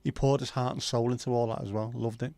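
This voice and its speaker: A livestream host chats and banters loosely with lots of swearing while reading out viewer comments. His mid-range voice is flat, fast and mellow, with no echo.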